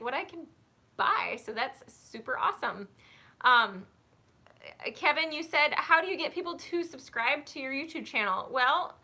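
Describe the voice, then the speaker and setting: A woman's voice: fairly high pitch, pushed and bright. A woman hosting a live-stream question-and-answer session about horses, chatting casually and gushing with thanks to her viewers. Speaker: horse trainer and channel host.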